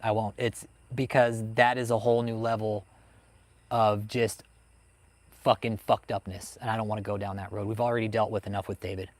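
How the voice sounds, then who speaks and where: Lowish and level, this man's voice moves at normal speed with no room sound. Hosting a livestream on cults, he answers chat through a heated rant packed with swearing.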